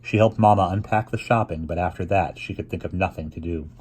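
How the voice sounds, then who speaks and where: A man reading a children's novel aloud, unhurried, with occasional restarts. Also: low-pitched, darkish tone, breathy edge. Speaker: reader.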